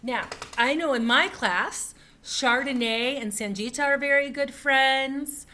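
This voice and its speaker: A first grade teacher gives a remote writing lesson for young children in a slow, high voice. Her tone is bright and forceful, with a faint hiss or hum on the recording. She speaks patiently and repeats key points for the kids.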